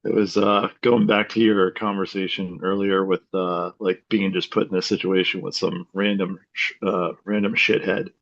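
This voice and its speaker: Gravelly-voiced man, animated storyteller on a dull lo-fi call line. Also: deep voice, normal speed, hardly any pauses. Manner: animated storyteller, swears, laughs at own story. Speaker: group member. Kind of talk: casual storytelling.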